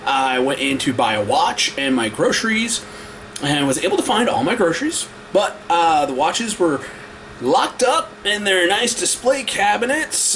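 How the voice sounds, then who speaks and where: A man vents in a casual vlog rant, his voice sitting high and swinging widely up and down as he tells the story with exasperated energy. A faint hiss sits under the recording. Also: fairly bright tone. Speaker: vlogger.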